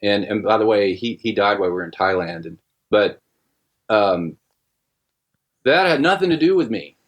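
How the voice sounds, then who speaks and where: A middle-aged man telling a personal story in casual podcast talk, halting with many restarts and fillers. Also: fairly low pitch, animated. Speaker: guest musician.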